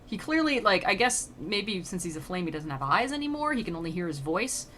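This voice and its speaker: A woman's voice: medium pitch, big pitch swings, fairly quick, a bit bright, slight background noise. Casual, rambling woman streamer. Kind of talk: casual chat while reading aloud.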